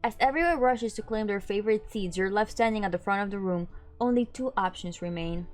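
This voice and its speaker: A woman's voice: medium pitch, fairly quick, faint music behind. A woman streamer reading a dating game aloud, breaking off into giggly, chatty asides.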